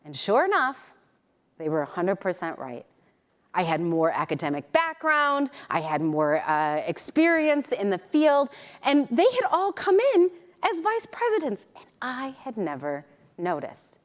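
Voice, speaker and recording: A middle-aged woman telling a personal story as a keynote speaker, animated and acting out the voices of people in it. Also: medium pitch, measured pace. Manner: animated, acts out quoted voices. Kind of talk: storytelling talk to an audience.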